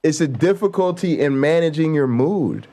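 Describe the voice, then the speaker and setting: A man's voice: on the high side, animated, moderate pace, warm tone. A man hosting a casual livestream, talking bluntly and profanely and building to heated, emphatic outbursts. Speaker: show host.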